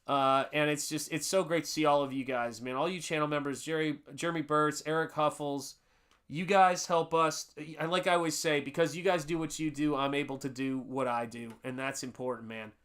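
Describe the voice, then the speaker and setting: A man's voice: fairly high pitch, steady tone, a little fast, fairly bright tone, clean tone. Chatty middle-aged man painting live. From United States. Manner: rambling, restarts, reads chat aloud, chummy. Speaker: livestream host painting and chatting. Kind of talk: casual live-stream chat while painting.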